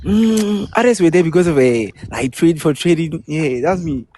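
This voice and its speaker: Young ghanaian guy on a call, mellow dark voice, unsure, says yeah a lot. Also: on the high side, animated, moderate pace, slight background noise. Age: 20s. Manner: hesitant, agreeable, repeats yeah. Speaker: caller. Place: outdoors.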